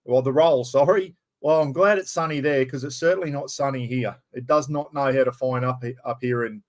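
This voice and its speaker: A middle-aged man from far north Queensland talks with a broad Australian accent in a loose, rambling live-stream chat. He greets viewers one by one as he goes, at an everyday mid-range pitch for a man. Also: fairly quick.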